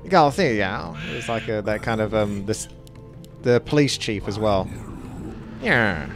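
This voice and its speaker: A man's voice: on the low side, animated, measured pace, gravelly, music in the background. Rambling man commentating a game. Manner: rambling, musing, swears. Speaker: gamer. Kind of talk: let's play commentary.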